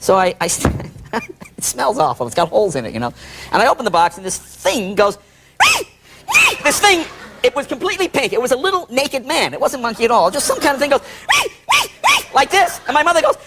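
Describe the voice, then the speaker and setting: A man telling a comic childhood story as an animated, laughing storyteller, from a noisy played-back clip. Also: very high voice, fast talker, creaky. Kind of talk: comic anecdote.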